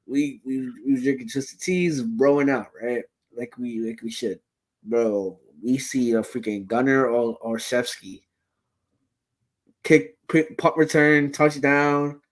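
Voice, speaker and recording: A man co-hosting a casual sports chat, telling animated stories with plenty of swearing and acted-out reactions. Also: medium pitch, slow. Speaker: co-host.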